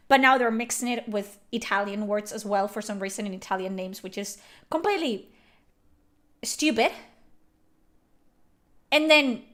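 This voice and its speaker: A woman from Spain with a Spanish accent and Spanish as her first language, commenting on a game in an animated, emphatic, exasperated way and swearing freely. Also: mid-range voice. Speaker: streamer.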